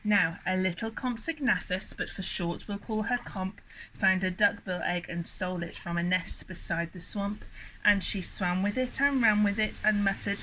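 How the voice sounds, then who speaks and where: A young woman, a swimming teacher, reading a rhyming picture book aloud at a pool in a lively, rhythmic way. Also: medium pitch, moderate pace, a little hiss or hum, rough recording. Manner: lively, rhythmic, sing-song storytelling.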